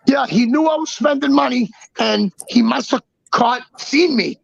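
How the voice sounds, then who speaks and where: A man telling a long story as a guest in casual talk, halting and restarting often, and swearing freely. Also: very high-pitched, gravelly, husky, dry recording, muffled recording. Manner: halting, with many restarts and repeats.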